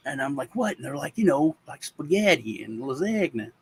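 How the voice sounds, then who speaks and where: A man from the United States, co-hosting a casual talk show, telling a childhood story in a halting, rambling way with many restarts. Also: on the high side, very animated, slight background noise, rough recording. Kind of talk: casual chat.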